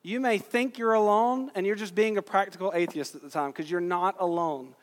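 A man with a high voice delivers a sermon from the pulpit. He talks casually with his listeners, throws out rhetorical questions, and slows down to stress his points. His words carry a long echo through the church hall. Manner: conversational preaching, rhetorical questions, emphatic slowdowns. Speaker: pastor. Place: church sanctuary.

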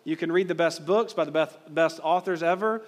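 A man preaching from the pulpit in a voice a touch higher than most men's. He is emphatic and builds intensity with rhetorical questions. His words trail off into the long reverb of a large hall. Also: brisk. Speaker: pastor. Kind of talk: sermon.

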